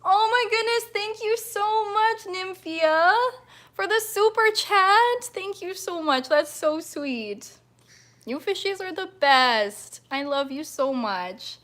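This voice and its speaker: A woman's voice: extremely high pitch, animated, slow, a bit bright. A young woman hosting a casual livestream as a mermaid performer, bubbly and giggly, gushing with thanks as she chats with viewers. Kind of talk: casual livestream chat reading viewer comments.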